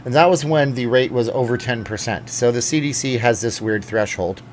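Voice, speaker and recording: A man's voice: mid-range voice, normal speed, a little hiss or hum. A man from Canada hosting a casual live stream, rambling and jokey, reading out viewer chats.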